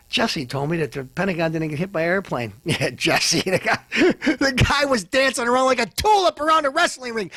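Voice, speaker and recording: A man hosting a comedy show, ranting and hurling insults, swinging between loud outbursts and low mutters. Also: no echo. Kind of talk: ranting comic commentary.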